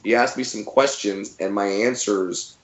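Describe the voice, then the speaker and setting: Comedian man with a low, roomy voice. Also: measured pace. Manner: animated, acts out quotes in funny voices. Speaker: guest comedian. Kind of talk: casual interview storytelling.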